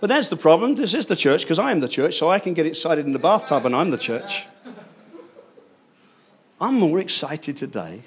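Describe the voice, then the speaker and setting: An older man preaching a fervent sermon, swinging between hushed asides and loud declarations. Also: on the high side, big pitch swings, moderate pace, long pauses.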